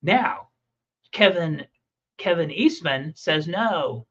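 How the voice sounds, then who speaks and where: A man's voice: a little high, measured pace. A man telling stories and rambling in a casual conversation about making comics. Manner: rambling, animated storytelling with restarts. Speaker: comic creator and podcast host. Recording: muffled lo-fi audio.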